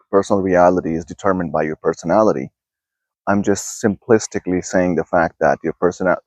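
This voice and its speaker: Low-voiced man musing in a backyard. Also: a little mellow, dry recording, highs cut off. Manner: rambling, restarts often, talks to viewers. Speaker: self-help video host. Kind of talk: casual spoken musing to camera. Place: outdoors in a backyard.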